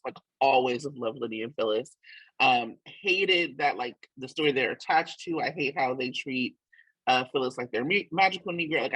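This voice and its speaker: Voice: medium pitch, fairly bright tone, no echo, poor audio. A podcast co-host in casual chat, effusive and repeating words for emphasis.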